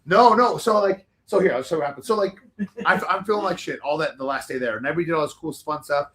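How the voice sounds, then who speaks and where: A man telling casual, animated stories as a talk show guest, rambling with lots of fillers and restarts. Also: on the high side, quick pace.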